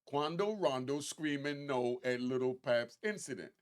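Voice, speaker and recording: A man hosting a casual commentary, talking straight to his viewers and climbing to emphatic highs on key points. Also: unhurried. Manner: animated, rising to emphatic high pitch on key points; conversational, addresses viewers directly. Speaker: commentary host.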